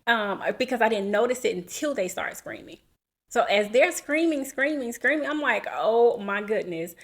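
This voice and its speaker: A woman in her thirties, a podcast co-host, telling a personal story in an animated, casual way and acting out what people said. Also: fairly high pitch, moderate pace. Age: 30s. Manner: animated, acts out quotes, laughs while telling.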